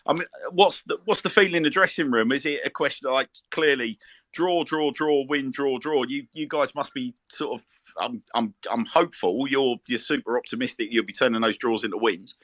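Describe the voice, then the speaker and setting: A middle-aged man hosts a podcast in a bright, forceful voice with a bantering, chatty manner. The sound is dry and close to the mic. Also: medium pitch, a little fast, dry recording. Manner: chatty, bantering, calls people mate. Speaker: podcast host. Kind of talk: casual interview chat.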